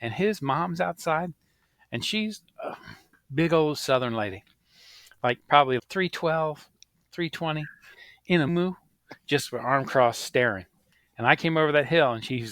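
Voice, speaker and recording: Lively, animated male storyteller. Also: a little high, measured pace, pauses often, dry recording, clean studio sound. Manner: animated storyteller, acts out quoted voices. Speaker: podcast co-host. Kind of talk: casual storytelling chat.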